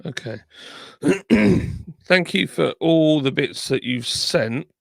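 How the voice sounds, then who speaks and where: A man's voice: a little high, unhurried, creaky, no room sound, clean studio sound. A man hosting a live stream, chatting casually and reading viewer comments aloud while nursing a sore tongue. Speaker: livestream host.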